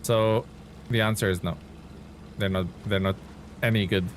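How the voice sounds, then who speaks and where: A man's voice: lowish voice, steady tone, normal speed, a little hiss or hum. A man streaming a truck-driving game live, giving laid-back, chatty commentary and reading viewer chat aloud.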